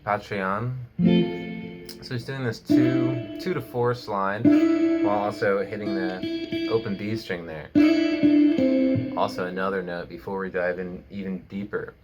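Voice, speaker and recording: A man giving a casual guitar lesson at home, joking and laid-back, with slow speech full of fillers. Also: lowish voice, fairly even intonation. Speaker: guitar teacher. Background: guitar playing.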